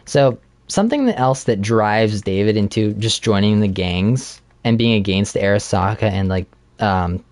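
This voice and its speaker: A man co-hosting a casual podcast, chatting while playing a game and retelling a plot with animated laughter. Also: lowish voice, measured pace, few pauses, dry recording. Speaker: podcast co-host.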